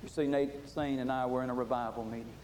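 A man preaching a sermon with passion, swinging from loud to hushed. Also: mid-range voice, fairly even intonation, fast, slight background noise.

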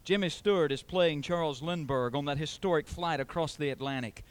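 A man's voice: on the high side, a little fast, clear, resonant tone. A male pastor preaching a sermon, emphatic and building through repeated phrases.

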